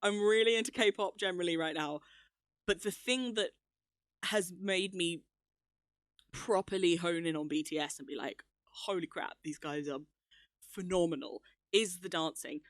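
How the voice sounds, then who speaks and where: A woman's voice: fairly low pitch, normal speed, dry recording, clean studio sound. A young woman co-hosting a casual podcast, chatty and enthusiastic, laughing often. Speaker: podcast co-host. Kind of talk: casual chat.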